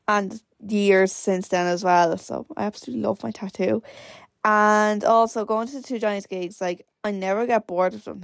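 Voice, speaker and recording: A woman's voice: mid-range voice, a little mellow, no room sound, clean studio sound. A nineteen-year-old Irish woman hosting her own podcast, rambling casually with lots of fillers. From Ireland. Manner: rambling, chatty, many "like" fillers. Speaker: podcast host. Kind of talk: casual solo podcast chat.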